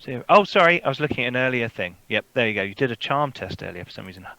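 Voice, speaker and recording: A man's voice: mid-range voice, sing-song, rapid-fire, creaky, pushed and bright, no room sound, muffled recording. A man narrating as game master, loose and chatty, with many fillers and laughs. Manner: loose, chuckling, full of fillers.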